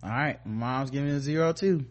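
A man's voice: mid-range voice, moderate pace. A man hosting a podcast, joking loosely and laughing often. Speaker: podcast host. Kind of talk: casual podcast banter.

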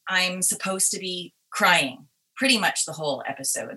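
A woman's voice: on the low side, moderate pace. A woman guest, an actress, telling stories animatedly with frequent restarts and ready laughter. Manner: expressive, restarts often, laughs readily. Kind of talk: animated conversational storytelling.

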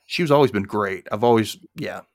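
A man's voice: lowish voice, moderate pace, creaky, no room sound, clean studio sound. A man hosting a podcast, chatting casually through an episode recap and acting out the characters' lines. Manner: animated, acts out characters' lines in raised voices. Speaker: podcast host.

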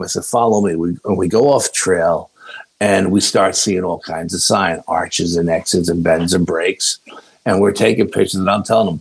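A man, a podcast guest, telling a story in a casual, laid-back, unhurried way. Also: low-pitched, creaky, husky, poor audio.

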